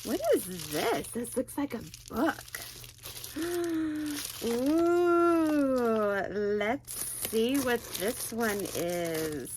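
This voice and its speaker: A woman's voice: a little high, lively intonation, takes it slowly, hardly any pauses, a little mellow, slight background noise. A middle-aged woman hosting a crochet channel, chatting casually as she unboxes gifts at home, gasping and gushing with delight. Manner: gushing, gasps and squeals with delight. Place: home craft room.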